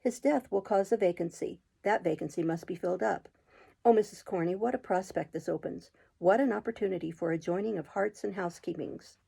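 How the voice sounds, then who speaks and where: A woman reading aloud and voicing a pompous middle-aged male parish official who woos with smooth, coaxing, self-important words. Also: mid-range voice, fairly quick, dark tone. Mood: rapturous.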